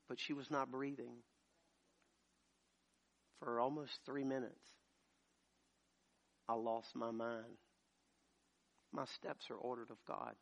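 A man preaching a sermon as pastor, moving from quiet storytelling to loud, shouted preaching. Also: mid-range voice, creaky. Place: church.

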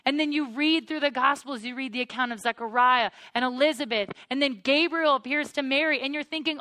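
Bright, earnest woman teaching the Bible. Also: sits high, moderate pace, few pauses, no echo. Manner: earnest, builds to excited wonder; addresses listeners as "you guys". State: choked up with emotion.

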